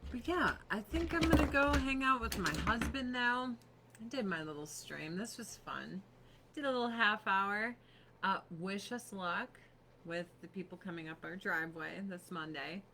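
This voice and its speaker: A woman's voice: mid-range voice, pushed and bright, a little hiss or hum. A woman hosting a casual beauty livestream from her home, chatty, laughing often and swearing casually. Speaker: livestream host selling beauty products. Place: home on a snowy mountain.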